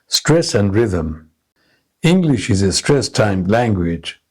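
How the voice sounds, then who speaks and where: A man narrating a scripted English lesson, explaining pronunciation slowly and deliberately. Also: on the low side, sing-song, darkish tone, slightly rough. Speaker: English teacher.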